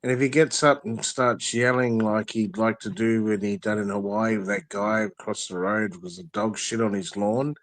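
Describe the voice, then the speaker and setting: A man's voice: on the low side, fairly even intonation, moderate pace, hardly any pauses, dry recording. A man, ranting angrily and profanely as a guest in a casual chat, full of threats. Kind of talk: angry rant in casual chat.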